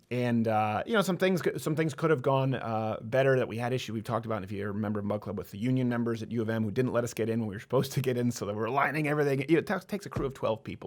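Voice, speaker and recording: Male host, 30s, mid-pitched, rapid casual patter with punchy emphatic spikes. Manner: fast, animated delivery with sudden loud bursts. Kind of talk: casual talk-show chat.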